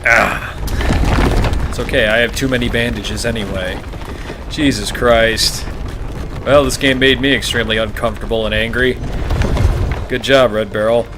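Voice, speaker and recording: A man's voice: mid-range voice, steady tone, moderate pace, long pauses, noisy background. A man commenting on a horror video game as he plays, blunt, sarcastic and swearing freely. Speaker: let's play host. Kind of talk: gameplay commentary.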